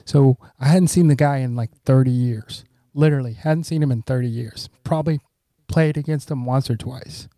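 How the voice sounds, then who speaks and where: Middle-aged male guest, warm, relaxed timbre, dry close sound, earnest rambling storyteller. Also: mid-range voice, moderate pace, no echo. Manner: rambling anecdotes with frequent "you know"; earnest, grateful tone. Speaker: podcast guest. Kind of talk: conversational storytelling.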